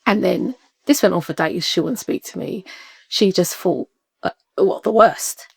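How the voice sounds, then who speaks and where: A woman, a podcast guest telling a personal story in lively conversation, acting out what people said and laughing often. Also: fairly low pitch, moderate pace, gravelly, husky, dry recording, clean studio sound. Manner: animated, acts out quoted voices, laughs often.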